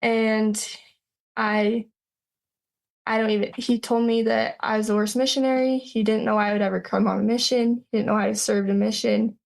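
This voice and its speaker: A woman in her twenties recounting a personal story as a podcast guest, halting, with many fillers and restarts. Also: on the high side, level tone, creaky. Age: 20s.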